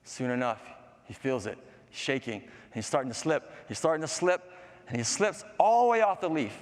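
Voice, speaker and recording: A man, a storytelling teacher, giving a conference talk full of animated story narration. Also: medium pitch, normal speed. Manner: animated storyteller, lively voices. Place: conference session room. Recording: long hall reverb.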